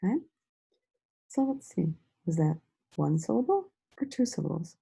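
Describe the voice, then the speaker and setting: A woman teacher giving a slow, sing-song lesson to young children, stretching out words and praising them often. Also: lowish voice, expressive, vocal fry, mellow, slightly rough, rough recording. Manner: encouraging, drawn-out words with frequent praise.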